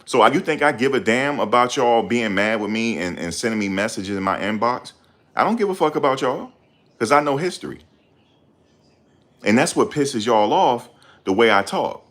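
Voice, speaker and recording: A middle-aged man hosting his channel, talking in a loud, confrontational, profane rant. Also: medium pitch, animated, moderate pace. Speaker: channel host. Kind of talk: ranting livestream commentary.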